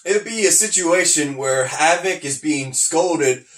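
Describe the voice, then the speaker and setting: A man's voice: a little high, a little slow, roomy sound. A man hosting a podcast, chatting casually about wrestling, laughing often and acting out scenes as he retells them. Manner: laughs often, animated retelling with acted-out quotes. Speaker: podcast host. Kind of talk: casual wrestling review chat.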